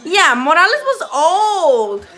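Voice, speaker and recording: Bright high-voiced woman chatting boxing. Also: big pitch swings, slow pace. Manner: profane, chatty, often laughing. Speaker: host of a boxing livestream. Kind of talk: casual livestream chat reacting to boxing. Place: at home.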